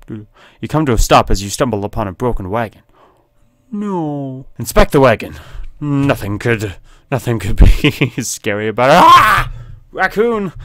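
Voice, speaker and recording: Man, gaming host, reading horror text game aloud, jokey asides, laughs a lot, medium pitch, dry close sound. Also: dry recording.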